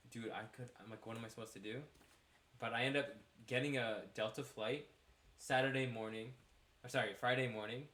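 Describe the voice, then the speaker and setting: Young male podcast host, slightly low voice, rambling storyteller, echoey room. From United States. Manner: rambling, animated, laughs at own story. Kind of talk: casual storytelling monologue.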